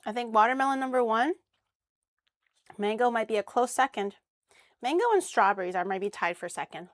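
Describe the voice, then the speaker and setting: A woman's voice: fairly high pitch, expressive, normal speed, long pauses, no room sound. Young woman, streamer, casual cooking chat, crude humor, dry close mic. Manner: chatty, crude jokes, swears casually.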